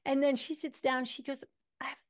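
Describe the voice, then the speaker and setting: A woman in her fifties, an acupuncturist guest, chatting casually and telling animated stories in which she acts out what people said. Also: mid-range voice, normal speed. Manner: animated storyteller, acts out quotes. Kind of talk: casual interview chat.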